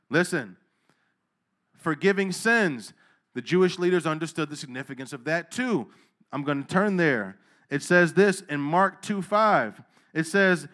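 High bright-voiced preacher, loose and slangy. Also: male voice. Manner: casual street slang, asks the crowd questions; swings from low asides to loud emphatic preaching. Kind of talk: sermon.

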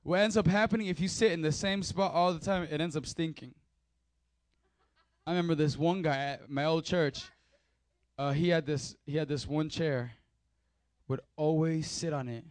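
Playful high-voiced young pastor. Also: male voice, fairly even intonation, moderate pace, pauses often, dry recording. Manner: joking, playful, hypes the crowd. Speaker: youth pastor. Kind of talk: energetic church service talk. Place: church hall.

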